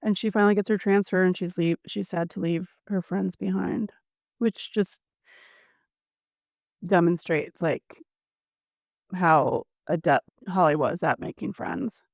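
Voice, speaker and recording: A woman's voice: lowish voice, a little slow, pauses often, dry recording, clean studio sound. A woman co-hosting a podcast, chatting and recapping a story with sympathy. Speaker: podcast co-host. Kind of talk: casual chat.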